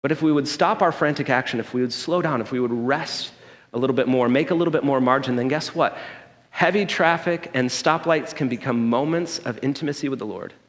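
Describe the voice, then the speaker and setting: A pastor with a medium-pitched voice speaks briskly, giving a sermon in a church sanctuary with long hall reverb. He tells a personal story conversationally and checks in with the congregation by asking "okay?".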